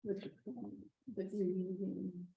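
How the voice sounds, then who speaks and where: A woman's voice: mid-range voice, level tone, extremely slow, gravelly, highs cut off. A woman taking part in a group session, sharing in a tentative way and trailing off. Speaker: group participant.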